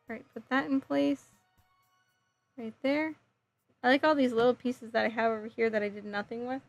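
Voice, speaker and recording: A woman's voice: on the high side, fairly even intonation, moderate pace, creaky, long pauses, dull audio, faint music behind. A woman live streaming as she builds a model kit, chatting with viewers in a sassy, giggly way. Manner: sassy, playful, giggly, reacts to chat messages.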